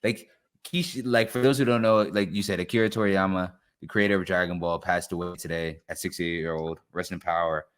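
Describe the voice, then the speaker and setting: Young guy cohosting a podcast, lowish voice, gets all hyped and swears a lot. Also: a little fast, clear, resonant tone. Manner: animated, swears freely, excitable. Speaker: podcast co-host. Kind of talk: casual chat.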